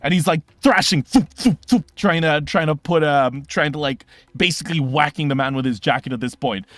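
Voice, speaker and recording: A young man running a tabletop game as game master, narrating in an animated, fast way with sound effects and quick restarts. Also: a little high, no room sound.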